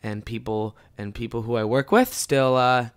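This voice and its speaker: A man in his twenties hosting a solo podcast, cursing freely and swinging from mumbled asides to loud outbursts. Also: mid-range voice, fairly even intonation, normal speed, clean tone. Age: 20s. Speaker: podcast host and stand-up comic. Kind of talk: casual solo podcast chat.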